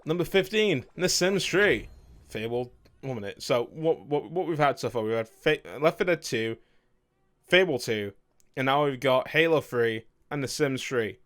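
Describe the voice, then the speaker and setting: A man's voice: mid-range voice, lively intonation, moderate pace, fairly bright tone. A young man chatting casually about his favourite video games, rambling, correcting himself and swearing now and then. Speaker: video game streamer.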